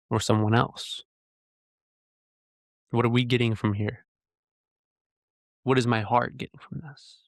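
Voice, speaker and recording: A man hosts his own podcast, ranting alone into a close-up mic with earnest heat and plenty of rhetorical questions. His voice is medium-pitched with vocal fry, and the recording is dry.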